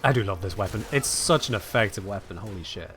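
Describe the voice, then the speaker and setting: A man's voice: lowish voice, expressive, fast, a bit bright, slight background noise. A man chatting dryly and sarcastically with viewers while playing a game on a live stream. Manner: dry, sardonic, chats to viewers while playing. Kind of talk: casual live-stream chat while gaming.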